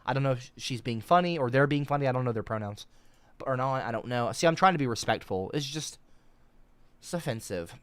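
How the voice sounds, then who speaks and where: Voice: lively intonation, a little fast, a bit bright, clear, resonant tone, no room sound. An online commentator ranting about an article, emphatic and repetitive, with stammering restarts. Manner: emphatic, repetitive, stammering restarts, swings high when outraged.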